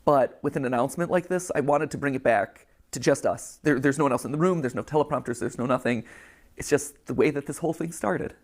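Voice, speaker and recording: A middle-aged man giving an unscripted, heartfelt farewell address to his audience, talking candidly and a little haltingly. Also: mid-range voice. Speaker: YouTube channel host.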